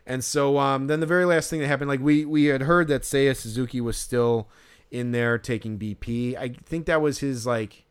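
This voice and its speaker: A man co-hosts a casual podcast, spinning a long story in loose, rambling chat. He swears freely and leans on "like" in nearly every line. His voice is smooth and clean, set at an ordinary middle pitch. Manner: rambling, swears often, heavy use of "like". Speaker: podcast co-host.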